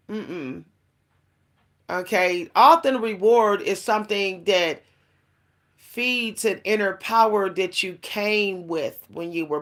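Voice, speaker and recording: A woman speaking to her listeners in a casual spiritual monologue, her voice sitting in an ordinary middle range. She rambles in a confiding way, with plenty of fillers and restarts, and laughs now and then as she talks. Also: mid-range voice. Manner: confiding, addresses listeners directly. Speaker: spiritual vlogger.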